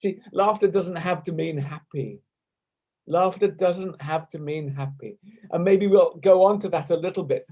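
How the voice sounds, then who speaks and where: A man's voice: on the high side, moderate pace. Playful English man teaching laughter yoga. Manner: playful, self-mocking, demonstrating laugh sounds loudly. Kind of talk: online class instruction. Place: home room on a video call. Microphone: video call.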